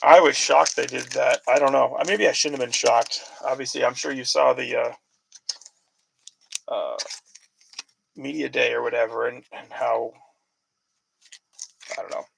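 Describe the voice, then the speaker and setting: Gravelly-voiced man chatting through a card break. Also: medium pitch, steady tone, unhurried, pauses often, a little hiss or hum, rough recording. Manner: chatty, rambling sports talk with fillers. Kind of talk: casual live card-break commentary.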